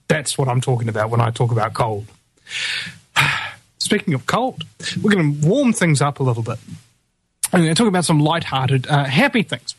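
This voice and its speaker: Rambling talk radio host, a higher-voiced man. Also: no echo. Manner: rambling, opinionated ranting. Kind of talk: live talk radio chat.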